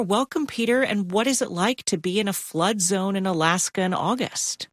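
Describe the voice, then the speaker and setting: A woman hosting a radio news program, reading and interviewing in a clear, composed way. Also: medium pitch, normal speed, few pauses, no echo, clean studio sound. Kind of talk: news presenting.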